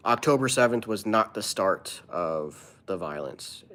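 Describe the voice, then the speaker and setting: A man's voice: fairly low pitch, expressive, a little slow, fairly bright tone. A man who is a comedian, live streaming and answering his viewers' chat in an earnest, opinionated way.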